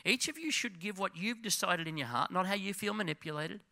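A middle-aged male pastor preaching a sermon in a church, swinging between loud urging and hushed, intense passages. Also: high voice, lively intonation, fairly quick, creaky.

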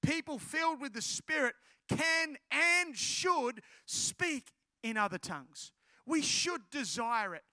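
A man preaching a sermon as a pastor. He tells a lively story, then preaches directly and repeats key phrases for emphasis. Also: very high-pitched, slow, dry recording.

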